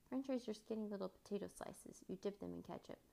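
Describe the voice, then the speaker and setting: A woman's voice: medium pitch, fast, vocal fry, mellow. A woman voicing a friendly young boy in a storybook reading, talking casually. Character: friendly boy, a kid detective.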